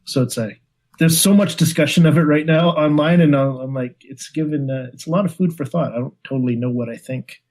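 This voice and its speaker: A man's voice: on the high side, a little fast, a little mellow. A man co-hosting a casual podcast, thinking aloud in a hesitant way, full of "like". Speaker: podcast co-host. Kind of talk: casual chat.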